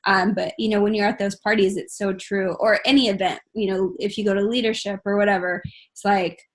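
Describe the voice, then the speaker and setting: A young woman hosting a casual group chat, telling stories in a bubbly, animated way. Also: medium pitch, fairly quick. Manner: bubbly, animated storytelling with laughs.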